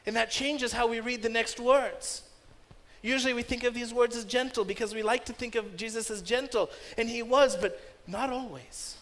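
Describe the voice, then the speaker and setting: High-voiced preacher in a reverberant church. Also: male voice, steady tone, normal speed, fairly bright tone. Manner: emphatic, rising sharply for quoted commands. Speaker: pastor. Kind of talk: sermon. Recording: long reverb of a church hall.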